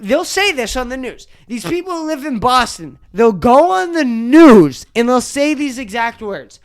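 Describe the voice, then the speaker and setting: Profane young podcaster on an animated rant. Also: high-pitched, unhurried, hardly any pauses. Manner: angry, profane, ranting, shouts at times. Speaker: podcast host.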